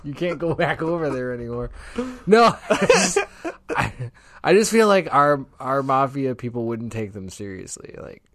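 A man's voice: mid-range voice, expressive, moderate pace, fairly bright tone, no echo, clean studio sound. A man from Ohio co-hosting a casual chat, rambling with fillers and hedges. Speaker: podcast co-host. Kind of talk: casual chat over beers.

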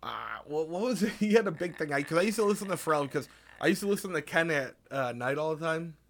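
Young man, podcast co-host, slightly high voice, jokey, laughs a lot, does impressions. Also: quick pace. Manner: joking, laughs often, mimics radio voices. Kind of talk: casual chat.

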